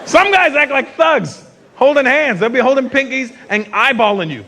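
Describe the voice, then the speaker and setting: A North American man telling stories in a stand-up routine, chatty and animated, with asides to the audience. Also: very high voice, normal speed. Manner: conversational, animated storytelling with asides. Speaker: stand-up comedian. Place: theater stage before a live audience. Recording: live recording with loud crowd and room noise.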